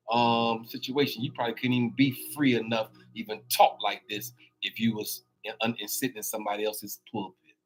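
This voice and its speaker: A man hosting his own daily live show, preaching in an informal way. He repeats words and calls his listeners y'all. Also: medium pitch. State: on a crutch with a swollen knee. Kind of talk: preacher-style live monologue.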